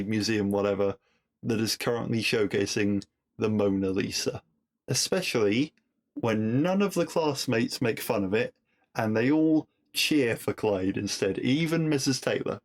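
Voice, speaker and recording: A man's voice: on the low side, vocal fry. Wry, chatty man recapping. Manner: wry, conversational, puts on voices when quoting. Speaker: podcast host. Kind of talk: episode recap commentary.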